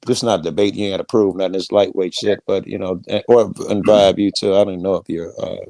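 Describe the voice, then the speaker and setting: A man's voice: deep voice, brisk, vocal fry, no echo. A man from Chicago telling stories in a casual, profane panel chat. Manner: profane, animated storytelling.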